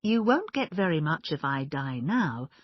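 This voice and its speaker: A woman voicing a calm, measured older woman who heads a household, in a storybook reading. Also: sits low, no echo, muffled recording, full character voice.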